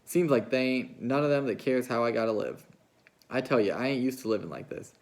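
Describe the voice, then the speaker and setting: A man reading a novel aloud, putting on the voice of a lonely, restless young ranch wife who talks in a coaxing, hurried way. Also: mid-range voice, darkish tone, natural voice. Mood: resentful. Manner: coaxing, fast, pleading.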